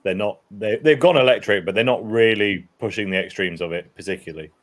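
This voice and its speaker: A man's voice: lowish voice, a little fast. A man co-hosting a casual late-night live stream chat, with dry, wry understatement.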